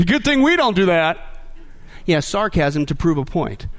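Animated high-voiced preacher man. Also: moderate pace. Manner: animated, sarcastic, swings between loud and hushed. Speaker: pastor. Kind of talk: sermon.

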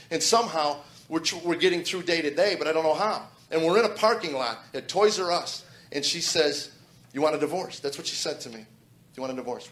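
A man in his forties giving a personal testimony. He talks fast and earnestly, stumbling over repeated words as he goes. His voice rings in an echoey room. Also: a little high, fairly bright tone. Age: 40s. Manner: earnest, halting with repeated restarts. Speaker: testimony speaker.

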